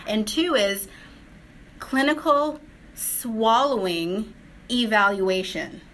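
A woman's voice: a little high, a bit bright. Woman discussion lead; probing, quizzing, casual clinical talk. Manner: probing, quizzing the others with rapid questions. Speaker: discussion leader.

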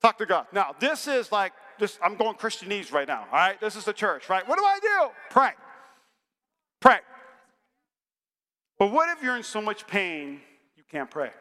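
Guy preaching with a really high, sharp voice, big echo from the church hall, gets loud and jokey. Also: moderate pace, long pauses. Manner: energetic, humorous preaching that rises to shouts. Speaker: pastor. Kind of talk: sermon. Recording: long hall reverb.

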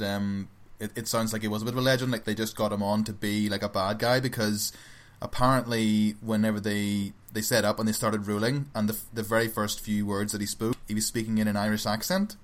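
Low-voiced man chatting about films. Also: fairly quick. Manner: chatty, relaxed storytelling with fillers. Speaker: podcast co-host. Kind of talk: casual film chat.

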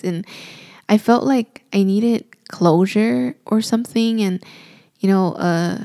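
A woman's voice: medium pitch, slow, dark tone, no room sound, clean studio sound. A young woman and new mother telling a personal story in a casual, emotional way, full of "like" and "you know".

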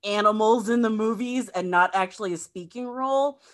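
Speaking at a moderate pace in a mid-range voice, a woman co-hosts a podcast. She chats casually, tossing in wry, joking asides.

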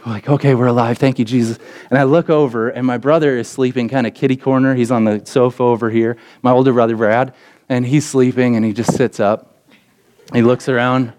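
A young adult man, a pastor, preaching a sermon and telling a story with lively acted quotes. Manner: storytelling with acted quotes, pitch jumping up in excited parts.

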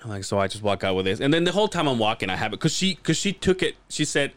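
A man's voice: mid-range voice, very animated, fast, a bit bright, no echo. A man co-hosting a podcast in casual chat, rambling through stories, laughing often and acting out other people's lines. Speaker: podcast co-host.

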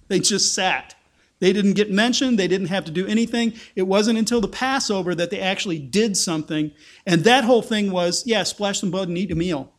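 A man preaching a sermon in a conversational way, with sarcastic asides and rhetorical questions. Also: sits high. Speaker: pastor.

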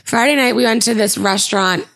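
A woman in her thirties, a podcast co-host, telling stories in a chatty, animated way. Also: fairly high pitch, creaky. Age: 30s. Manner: chatty storyteller, quick and animated. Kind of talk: casual chat.

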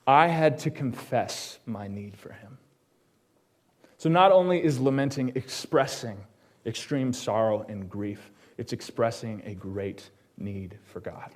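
A man delivering a personal sermon in a church, his voice sitting at a middle pitch. He tells his own story in a conversational way, tossing quick questions out to the congregation and dropping to a hushed tone on the solemn moments. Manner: drops to a hushed tone on solemn lines. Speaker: pastor.

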